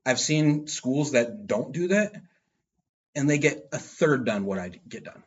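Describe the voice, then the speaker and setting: A man with a husky voice explains things earnestly as a kids' jiu-jitsu coach in a casual podcast chat. The sound is dull and lo-fi. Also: mid-range voice, lively intonation, unhurried.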